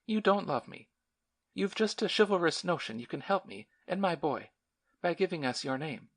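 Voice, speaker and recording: A man's voice: high voice, expressive, normal speed, fairly bright tone, pitched above the performer's own voice, exaggerated voice. A man voicing a distraught young woman in an audiobook, pleading and tearful in a raised, strained voice.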